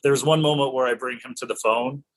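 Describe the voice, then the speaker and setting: A middle-aged male actor in an interview tells lively anecdotes in casual chat, often laughing. His mid-range voice moves fast. The audio quality is poor.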